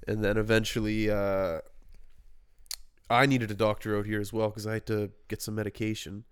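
A man's voice: on the low side, little pitch movement, normal speed, clear, resonant tone. A man hosting a casual podcast chat with a stuffed-up nose, talking in a rambling, self-deprecating way. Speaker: podcast host.

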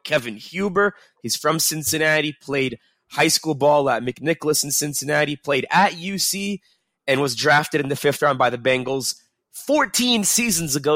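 A young man with a bright, slightly high voice chats about football on a casual panel. He is upbeat and tends to digress. The sound is dry and close. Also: dry recording. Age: 20s. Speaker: sports reporter.

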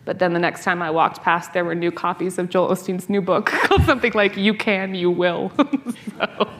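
A woman in her thirties from North America, a scholar and author telling stories in an interview, animated, laughing and restarting her sentences often. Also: on the low side, moderate pace. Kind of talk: conversational interview.

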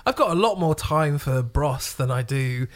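Measured man chatting on a podcast. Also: fairly high pitch, expressive. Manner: thoughtful, measured, rambling opinions. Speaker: podcast co-host. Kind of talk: casual chat.

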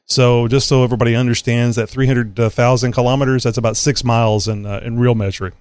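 A man's voice: mid-range voice, level tone, fast, darkish tone, smooth, no room sound. A man hosting a casual podcast, rambling through a story with lots of fillers and jokes. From West Houston, Texas. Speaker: podcast host.

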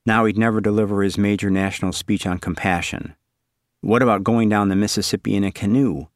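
Low-voiced man narrating a story. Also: steady tone, no echo, studio quality. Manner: measured, wry, inward storytelling. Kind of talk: scripted literary narration.

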